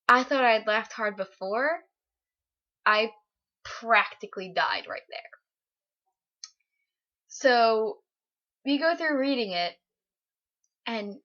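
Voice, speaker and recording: A young woman telling a story from her morning in a casual, animated way, often breaking into laughter. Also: fairly high pitch, lo-fi sound. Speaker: vlogger.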